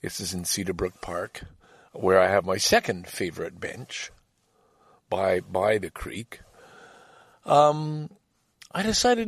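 A man's voice: low-pitched, lively intonation, slow, pauses often, slightly rough, dry recording, studio quality. A man talking alone on his own podcast, rambling and reflective, often restarting his sentences. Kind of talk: casual solo podcast monologue.

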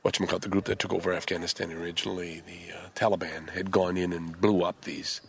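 A man hosting a show, delivering an angry, impassioned solo monologue full of halting restarts. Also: deep voice, flat delivery, vocal fry. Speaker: show host.

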